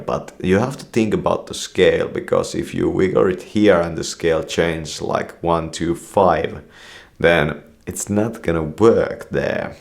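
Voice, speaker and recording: A man's voice: sits low, creaky. A man telling a meandering story, swearing constantly and dropping "you know" after nearly every phrase. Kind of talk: rambling storytelling.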